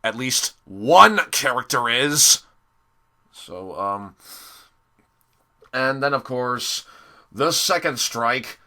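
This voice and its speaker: A young man giving a casual spoken episode review, sarcastic and exasperated, often pausing and restarting. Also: medium pitch, lively intonation, pushed and bright. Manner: hesitant, many fillers and restarts.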